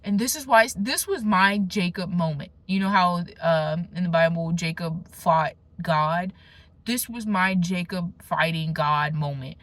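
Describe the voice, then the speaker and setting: A young adult woman sharing a personal faith testimony in a casual vlog, talking emphatically with slangy asides and restarts, swinging from animated bursts to hushed low moments. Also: measured pace, dry recording. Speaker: faith vlogger.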